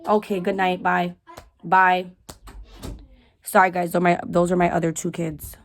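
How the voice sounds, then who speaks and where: A woman in her twenties talking to camera at home, rambling and candid with slang and dark jokes. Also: fairly low pitch, little pitch movement, moderate pace. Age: 20s. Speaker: vlogger, widow. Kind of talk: casual talk to camera. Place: home room.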